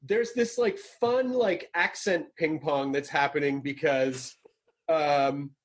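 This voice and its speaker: A man hosting a podcast in casual chat, chatty and quick to laugh. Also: fairly high pitch. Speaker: podcast host.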